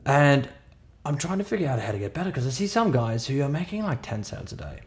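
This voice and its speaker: Telling a story in a relaxed podcast chat, a co-host in his thirties with a foreign accent speaks emphatically and restarts a lot. His medium-pitched voice moves quickly and swings widely in pitch.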